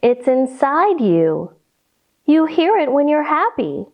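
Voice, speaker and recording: A woman doing a tender, slow mother cat. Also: high voice, big pitch swings, highs cut off, full character voice. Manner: tender, slow, soft-spoken.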